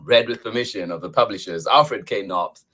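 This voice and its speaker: Male storytime host, bright and effusive, reads picture books aloud. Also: on the low side, normal speed. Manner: effusive, thanks viewers often, laughs easily. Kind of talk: upbeat chat with viewers and read-aloud.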